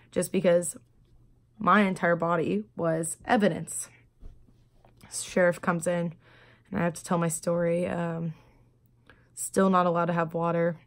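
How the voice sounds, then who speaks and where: A woman telling her story in a personal video diary, speaking quietly and haltingly, with many pauses and fillers. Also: fairly low pitch. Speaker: vlogger.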